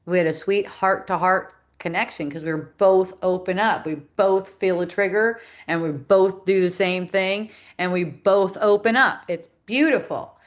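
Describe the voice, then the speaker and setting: A woman's voice: medium pitch, normal speed, few pauses. A middle-aged woman teaching in a reflective spiritual talk, laughing often and acting out the voices she quotes.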